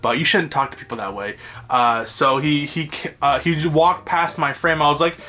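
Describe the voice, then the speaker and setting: A man's voice: a little high, fairly even intonation, moderate pace, sharp tone. A man vlogging, rambling through a casual story to his phone camera and chuckling along the way. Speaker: video blogger. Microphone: phone held by himself.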